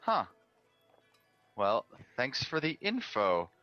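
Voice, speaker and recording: A man's voice: mid-range voice, slow pace, muffled recording, soft background music. A man playing a tabletop game, asking curious questions in character. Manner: curious, asks many questions, lively. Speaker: player.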